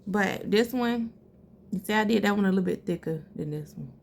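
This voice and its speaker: A woman's voice: mid-range voice, brisk, vocal fry. A woman talking viewers through her eyebrow routine in a casual, chatty way, calling them girl and sis. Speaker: beauty vlogger. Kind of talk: casual makeup tutorial.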